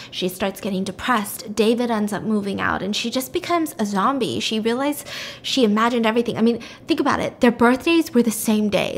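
A woman with a somewhat high voice recaps a story for her podcast in an animated, chatty way. She peppers the telling with "like" and slips into the characters' lines as she goes. A faint hum sits under the recording. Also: a little fast. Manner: chatty, animated, lots of "like" fillers, acts out quotes. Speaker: podcast host.

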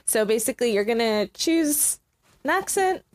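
A woman hosting a casual interview chat in a bubbly, excitable manner. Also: a little high, normal speed. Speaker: podcast host.

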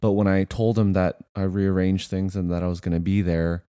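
A man co-hosting a casual conversation, telling personal stories in a reflective, measured way. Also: deep voice, level tone, mellow, smooth, dry recording, clean studio sound.

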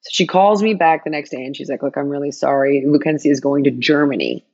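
A woman telling a personal story in an interview, animated, acting out quoted dialogue with big jumps in her voice. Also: sits low, fast, hardly any pauses, breathy edge, highs cut off.

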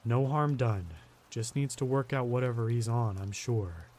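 A man's voice: medium pitch, unhurried, a little mellow, slight background noise, close to an everyday voice. A man voicing a cheerful, smiling male trail guide with a sinister edge, speaking in a friendly, easygoing way. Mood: breezy. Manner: friendly, breezy.

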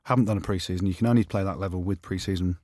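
A man in his forties from England, co-hosting a podcast in a teasing, easy way. His voice sits a little low and the sound is dry and close. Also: steady tone, a little mellow, dry recording. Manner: teasing, quick to laugh. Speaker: co-host, former rugby player. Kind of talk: casual podcast banter.

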